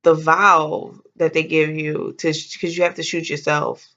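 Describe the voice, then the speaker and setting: A woman's voice: low-pitched, little pitch movement, measured pace, pushed and bright, highs cut off. A woman vlogger telling a personal story in a chatty, heartfelt way, with exclamations and slang.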